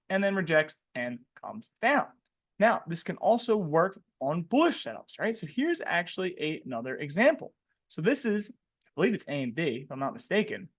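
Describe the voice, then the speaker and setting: Male trading coach, webinar lesson, high pitched, very lively, slangy and jokey. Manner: animated, asks questions and tags "right?" constantly; slangy and joking. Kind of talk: live webinar teaching.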